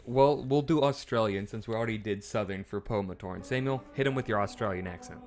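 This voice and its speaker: A man co-hosting a livestream, casually joking and commenting while he plays the game. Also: on the low side. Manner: animated, joking, quick to laugh. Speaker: co-host playing the game on stream. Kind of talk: casual gameplay chat.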